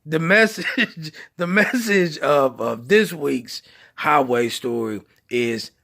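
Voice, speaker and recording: A man's voice: slow, creaky. A man telling a funny trucking story in casual, slangy, profane talk, acting out the quoted people and laughing along. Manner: acts out quoted voices with lively pitch. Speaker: truck driver telling stories.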